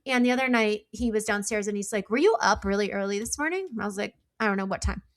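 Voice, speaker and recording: A woman's voice: medium pitch, fast talker. A middle-aged woman, a psychic guest on an interview show, explaining in an earnest, conversational way with frequent fillers. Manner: explanatory, earnest, uses many likes.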